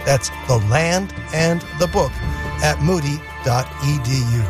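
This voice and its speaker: A man's voice: fairly high pitch, a little slow, over music. A man co-hosting a Christian radio program, friendly and upbeat as he gives announcements. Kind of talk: radio announcing and co-host chat.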